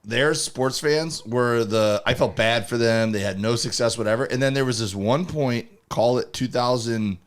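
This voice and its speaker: Brief: man, mid-pitched, relaxed jokey studio podcast co-host. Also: normal speed, hardly any pauses. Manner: easygoing, agreeable, jokey. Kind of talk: casual comedy podcast banter.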